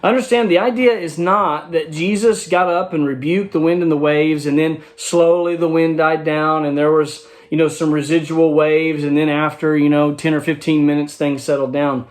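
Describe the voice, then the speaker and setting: Man, Bible study teaching, conversational, slightly higher voice. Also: flat delivery, normal speed, hardly any pauses. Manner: conversational, explains verse by verse with rhetorical check-ins.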